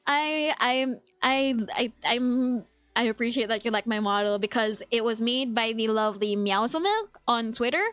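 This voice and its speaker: Chatty Filipino woman streamer, higher voice. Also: fairly bright tone, smooth, dry recording. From Philippines. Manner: chatty, quick to laugh, reads chat aloud. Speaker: VTuber streamer. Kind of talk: casual chat with live chat.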